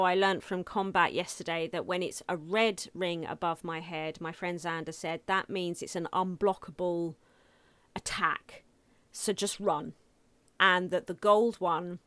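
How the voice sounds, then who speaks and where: A woman's voice: lowish voice, fairly bright tone, no room sound. A woman chatting casually and giggling as she live-streams a video game from home on a desk mic. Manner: chatty, giggly, talking to chat while playing.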